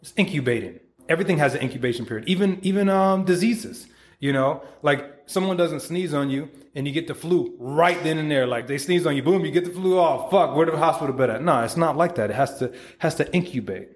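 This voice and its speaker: A man in his thirties delivers a motivational podcast monologue, loud with profanity and a preacher's push. He drives his points home by repeating them and slipping into quick impressions of the people he talks about. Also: a little high. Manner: profane, animated, preachy, acts out quoted voices. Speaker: podcast host and supplement company founder.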